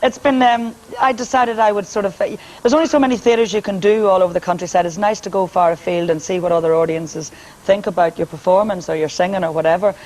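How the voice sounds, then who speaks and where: A woman's voice: mid-range voice, fairly even intonation, fast talker, darkish tone, slight background noise, low-quality recording. Brassy Northern Irish woman with a powerful voice. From Northern Ireland. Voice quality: powerful speaking voice. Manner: brassy, joking, laughs often. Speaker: singer and entertainer guest. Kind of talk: chatty TV interview with jokes.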